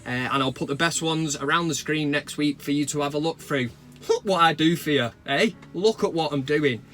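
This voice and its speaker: A man's voice: fairly high pitch, normal speed, fairly bright tone, faint music behind. A man with a Mancunian accent hosting a football fan vlog, reading viewer comments with sweary, cheeky banter. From Manchester, England. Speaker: football fan channel host. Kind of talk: casual fan reaction vlog. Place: talking into a camera at home. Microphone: camera mic.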